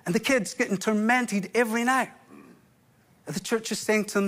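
Impassioned high-voiced Scottish preacher. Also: male voice, normal speed, pauses often. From Scotland. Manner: impassioned preaching with sudden hushed drops. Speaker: pastor. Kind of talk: sermon.

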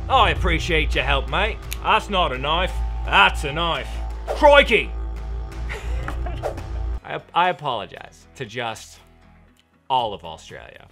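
A man's voice: fairly high pitch, bright, forceful tone. A young man hosting a crafting channel, narrating a leathercraft tutorial in an upbeat, enthusiastic, slangy way.

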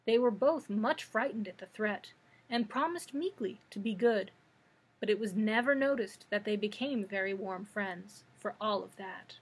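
A woman librarian reading a children's book aloud in a clear, measured storytelling manner. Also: medium pitch, low-quality recording.

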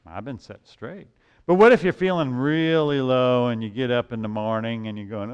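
A man leading a children's message in church, playful and animated, singing and acting out moods for the kids. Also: mid-range voice, moderate pace, smooth. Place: church sanctuary.

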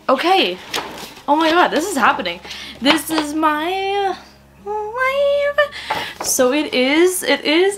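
A young woman, a book vlogger and teacher, chatting excitedly and gushing as she unboxes book mail. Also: on the high side, background noise. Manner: gushing, excitable, swearing with joy. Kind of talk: casual vlog chat while unboxing.

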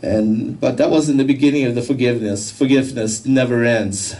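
A man giving a personal testimony, telling his story in a halting, emotional way with many restarts. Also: mid-range voice, steady tone, dark tone, distant mic, rough recording. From United States. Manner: halting, repeats words, emotional.

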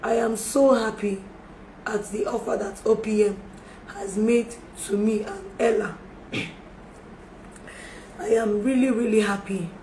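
Her voice is medium-pitched and dark, with fairly even intonation, an unhurried pace, and frequent pauses. A livestreamer making a public apology, she pleads emotionally, repeatedly saying sorry and begging forgiveness, captured on a phone in an echoey room with faint background noise.

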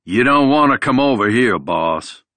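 A man voicing a down-and-out former rock star with a slow Southern drawl. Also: mid-range voice, animated, bright, forceful tone, dry recording, pitched above the performer's own voice. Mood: guarded.

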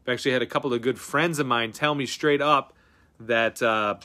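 Hyped up dude on a card break stream, says bro a lot, bright voice, gets loud then mutters. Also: male voice, medium pitch, fairly quick. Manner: excitable, swings from loud outbursts to breathy mutters. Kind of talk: casual live-stream chat.

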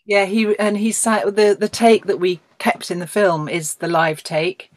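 A woman's voice: mid-range voice, flat delivery, measured pace, no room sound. A woman film director chatting in an interview, talking hesitantly with many fillers. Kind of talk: casual interview chat.

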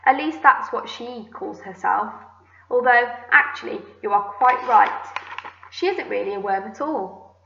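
A woman voicing a grumpy, bossy male centipede in a storybook reading, impatient and shouting. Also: fairly high pitch, unhurried, gravelly, reverberant, dull audio, a little hiss or hum, exaggerated voice. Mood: grumbling.

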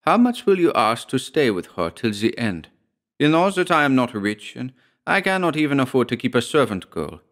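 A man's voice: mid-range voice, very animated, moderate pace, fairly bright tone, pitched above the performer's own voice. A man doing a stingy, wavering peasant. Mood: wheedling. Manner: stammering, wheedling. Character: stingy, hesitant peasant farmer son.

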